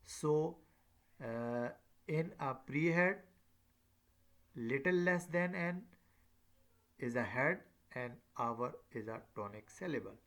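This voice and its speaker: A man giving a recorded lecture, hesitant and full of filler sounds, repeating his examples slowly to stress them. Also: medium pitch, lively intonation, a bit bright.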